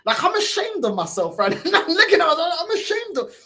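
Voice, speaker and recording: A young man, co-hosting a casual podcast chat and telling stories with lively acted-out quotes. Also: very high-pitched, quick pace, vocal fry. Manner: animated storytelling, acting out quotes, laughs often. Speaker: podcast co-host.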